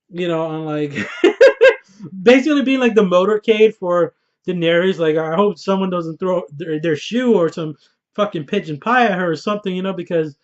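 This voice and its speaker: A young man reviewing a TV episode in an animated, casual, profane way, laughing and swearing often. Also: high voice, dull audio. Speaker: TV show reviewer. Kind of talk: excited casual review monologue.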